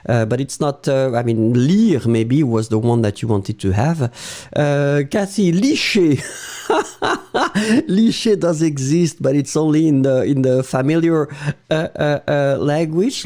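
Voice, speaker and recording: A man's voice: on the high side, dark tone. A male French teacher with a French accent, reading viewer answers aloud during a live lesson and encouraging them, with frequent "euh" fillers.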